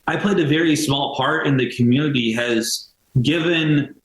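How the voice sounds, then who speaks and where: A man's voice: a little high, normal speed, fairly bright tone, roomy sound, poor audio. A man who co-founded a veterans' nonprofit, speaking earnestly and casually in a podcast interview, with many fillers and restarts. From United States.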